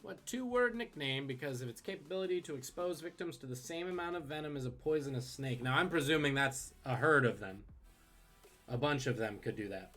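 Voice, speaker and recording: A man hosting a live-streamed trivia quiz, reading questions and tossing in quick joking asides. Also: medium pitch, expressive, a bit bright, faint music behind. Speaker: trivia host.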